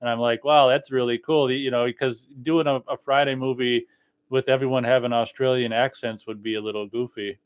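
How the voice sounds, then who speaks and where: A man co-hosts a podcast in relaxed, casual chat. He sounds friendly and often stumbles into hesitant restarts. His voice sits at a middling pitch. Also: brisk, clear, resonant tone. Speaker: podcast co-host.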